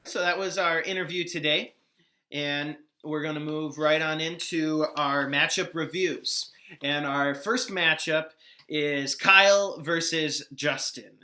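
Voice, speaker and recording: A man's voice: on the high side, bright, forceful tone. A man hosting a fantasy football recap, chatting in a casual, exasperated way with laughing asides.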